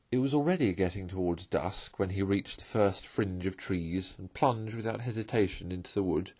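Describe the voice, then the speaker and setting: A man narrating a classic children's novel aloud in a measured, expressive way. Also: fairly low pitch, no echo. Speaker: storyteller.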